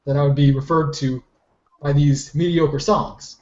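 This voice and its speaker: A man's voice: on the high side, fairly even intonation, a little slow. A man chatting on a group call in a playfully dramatic, mock-shocked way. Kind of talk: casual group chat. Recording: muffled call audio with faint noise.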